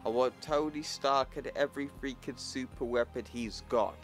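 A man's voice: medium pitch, steady tone, moderate pace, faint music behind, natural voice. A man reading lines for a frightened, angry young woman on the phone, in his own voice. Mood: panicked.

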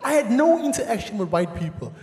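A South African comedian in his thirties, talking high and with a wide swing in pitch as he acts out shouting neighbours. His voice rings through a big, echoey theatre hall with a long reverb tail. A faint audience can be heard behind him. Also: fast talker. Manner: animated, acts out shouting characters, laughs at own jokes. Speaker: stand-up comedian. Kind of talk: stand-up comedy. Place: large theatre stage. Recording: roomy live theatre sound with audience.

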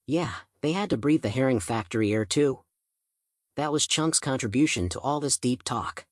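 A man's voice: mid-range voice, expressive, normal speed, dry recording, clean studio sound. A man reading a first-person audiobook, telling the story in a casual, chatty teenage manner. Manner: casual teen-style storytelling. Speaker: audiobook narrator.

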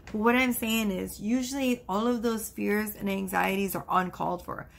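A woman's voice: mid-range voice, steady tone, normal speed, creaky. A woman giving a casual tarot card reading, chatty and reassuring, with frequent exclamations. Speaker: tarot reader.

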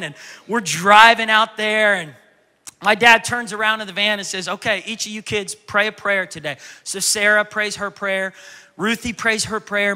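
A pastor preaching a sermon in a bright, ringing, fairly high voice, with lots of echo from a long hall reverb. He tells stories with animation and acts out the voices of the people in them. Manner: animated storytelling, acting out childhood voices loudly.

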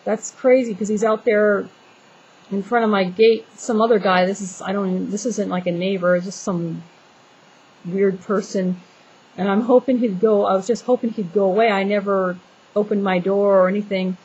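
A woman's voice: medium pitch, level tone, moderate pace, darkish tone, slightly rough, rough recording. A woman venting in a casual vlog, talking in an exasperated, rambling way with many restarts and fillers. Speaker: homeowner venting to viewers.

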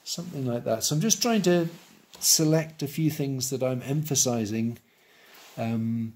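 Slow-talking man teaching drawing. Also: mid-range voice, a little mellow. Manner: slow, thinking aloud, self-correcting while drawing. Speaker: art teacher. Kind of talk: live drawing tutorial.

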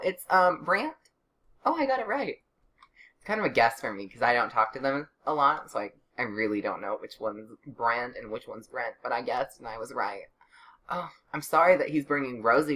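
A young woman with a very deep, husky, fairly bright voice narrates her life-sim gameplay casually as a let's-play gamer. She's chatty and sarcastic, with exasperated outbursts.

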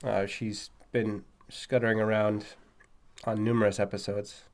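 A man's voice: fairly low pitch, little pitch movement, a little slow, darkish tone. A man with a Massachusetts accent co-hosting a podcast, chatting in a wry, questioning, joking way. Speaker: podcast co-host. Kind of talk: casual chat.

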